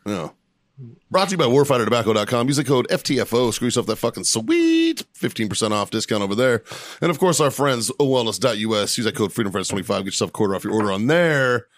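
Animated, joking male podcast host. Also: mid-range voice, fast talker, dry recording, studio quality. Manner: crude, joking banter with frequent laughs. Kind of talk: casual chat.

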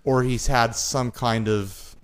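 A man co-hosts a casual podcast and drops joking asides and short interjections into the talk. His voice sits at an ordinary middle pitch for a man. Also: steady tone, takes it slowly, clean tone. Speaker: podcast co-host. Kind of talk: casual chat.

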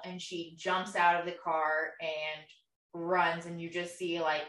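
A woman's voice: fairly low pitch, flat delivery, a little slow, fairly bright tone. A young woman co-hosting a podcast, retelling an emotional story in casual chat with lots of fillers and acted-out quotes. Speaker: podcast co-host. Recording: echoey room, voice a bit far from mic.

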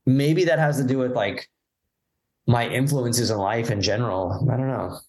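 A man's voice: medium pitch, normal speed, low-quality recording. A man guest telling stories in casual conversation, acting out the people he quotes. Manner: animated storyteller, acts out quoted voices. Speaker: podcast guest, musician. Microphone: video call.

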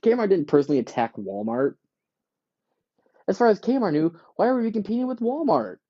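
A podcast host, ranting casually and profanely, acting out quick voices for companies and shoppers. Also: male voice, high-pitched, very animated, mellow, dull audio. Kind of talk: casual rant.

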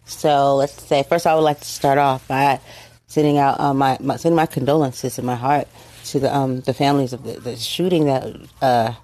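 A middle-aged woman from the United States, hosting a casual monologue, speaking emotionally and haltingly with many fillers and restarts, tearful. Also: a bass voice, steady tone, dark tone. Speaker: host. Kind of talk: casual monologue on current events.

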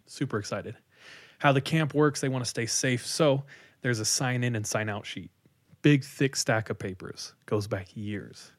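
A man casually retelling a story on a podcast, animated and full of likes as he acts out quotes. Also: medium pitch, unhurried.

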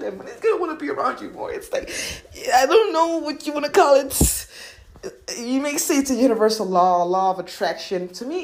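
A woman giving a casual motivational monologue, swearing freely and laughing often. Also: on the high side. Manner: animated, profane, laughs often. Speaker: self-help speaker. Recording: roomy echo.

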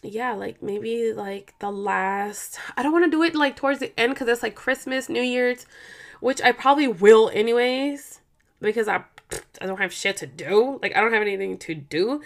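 A woman's voice: a little high, moderate pace. Profane rambling young woman. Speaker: vlogger. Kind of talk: casual ranting monologue. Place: home.

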